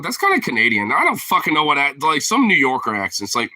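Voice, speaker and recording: A man's voice: mid-range voice, sing-song, rapid-fire, few pauses, sharp tone, dry recording. A man in casual chat who rambles, swears freely, leans heavily on filler words and laughs often as he talks. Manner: rambling, profane, heavy on fillers; laughs often while talking. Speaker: streamer host.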